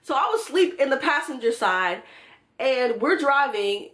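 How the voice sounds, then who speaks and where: A woman's voice: sits high, expressive, normal speed, fairly bright tone, a little hiss or hum. A young woman from Georgia telling a profane, exasperated storytime to her viewers. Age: young adult. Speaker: vlogger. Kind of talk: storytime vlog.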